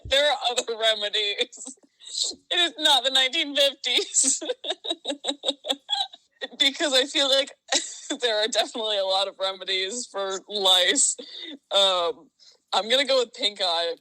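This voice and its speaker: A woman's voice: on the high side, unhurried, long pauses, sharp tone, low-quality recording. A middle-aged woman on a podcast reads out either-or game questions, giggling between them. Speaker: guest running a quiz game. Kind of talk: casual game hosting.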